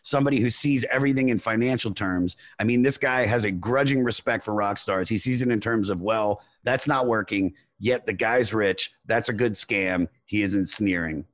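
Relaxed man reading notes aloud. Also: fairly low pitch, moderate pace, hardly any pauses. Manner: relaxed, reads notes with fillers. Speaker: podcast co-host. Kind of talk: casual chat, reading facts aloud.

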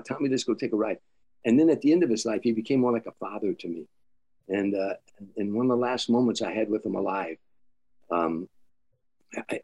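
An older comedian telling stories in an interview, animated, acting out quotes, with frequent stammers and restarts. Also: male voice, mid-range voice, slightly rough. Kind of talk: storytelling interview.

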